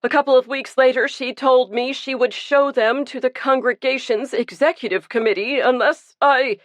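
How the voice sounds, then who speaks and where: A woman's voice: sits high, normal speed, no echo, voice pushed up, close to an everyday voice. A woman reading the part of a guilt-ridden, burly male pastor who confesses earnestly and pleads for himself. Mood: pleading.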